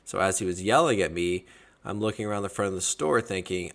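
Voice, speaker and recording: A man from Georgia hosting a podcast, telling his stories in a casual, animated and jokey way. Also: low voice, a little fast. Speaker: podcast host. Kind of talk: casual storytelling chat.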